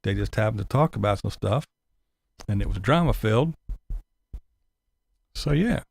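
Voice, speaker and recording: A man's voice: lowish voice, expressive, moderate pace, creaky. A man giving a sarcastic, profane ranting commentary as a YouTube commentator.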